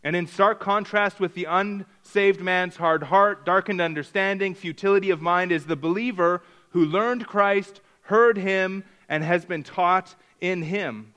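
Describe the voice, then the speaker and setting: A man with a fairly high voice delivers a sermon as a pastor. He teaches step by step, leaning on key words and repeating phrases for emphasis. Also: fairly bright tone, smooth.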